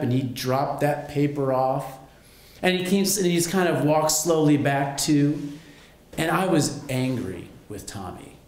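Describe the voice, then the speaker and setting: A man telling a personal story on stage at a live storytelling show, wry and lively. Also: fairly high pitch, roomy sound. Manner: wry, lively, self-mocking.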